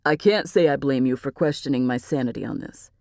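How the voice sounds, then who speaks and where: A woman voicing an earnest, devoted young man in an audiobook, in a plain, even tone. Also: very deep voice, fairly quick, dry recording, studio quality, voice pushed down. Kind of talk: audiobook character voice.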